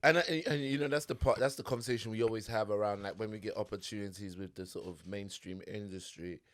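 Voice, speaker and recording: A man's voice: on the low side, fast talker, fairly bright tone, dry recording. A man co-hosting a casual comedy podcast, laid-back and reflective, backing his partner with frequent murmurs of agreement. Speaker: podcast co-host.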